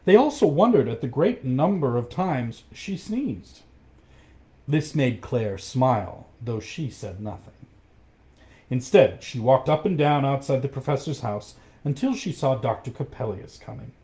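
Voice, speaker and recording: Expressive male storyteller. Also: medium pitch, measured pace. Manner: expressive, acts out the characters. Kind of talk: reading a storybook aloud.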